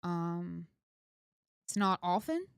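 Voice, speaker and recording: A woman's voice: fairly low pitch, sing-song, slow pace, vocal fry, clean tone, no room sound, studio quality. A woman, earnestly giving parenting advice on a casual podcast. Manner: earnest, advice-giving, speaks directly to listeners. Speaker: podcast co-host.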